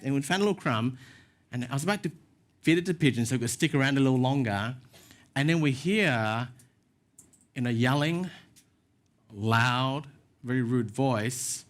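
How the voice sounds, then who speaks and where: Male pastor, mid-pitch, chatty sermon storyteller, pokes fun at himself. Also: lively intonation, normal speed, pauses often, fairly bright tone. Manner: casual storytelling with self-deprecating asides. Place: church.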